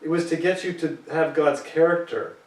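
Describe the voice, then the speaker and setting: A man's voice: on the high side, expressive, normal speed, vocal fry, darkish tone, reverberant, far from the mic, low-quality recording. A man preaching a sermon, reading scripture aloud and pressing his points emphatically.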